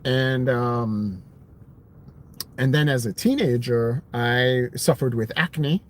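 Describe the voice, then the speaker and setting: A man's voice: mid-range voice, takes it slowly, a little hiss or hum. A man in his thirties talking casually on a live stream about his own story, rambling with lots of fillers and restarts. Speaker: vlogger sharing his hearing story.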